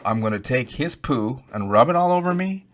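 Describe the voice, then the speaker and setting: A man's voice: medium pitch, expressive, normal speed, lightly acted. A man doing an old weary bird. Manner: weary and incredulous. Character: old tired male bird, weary and sceptical.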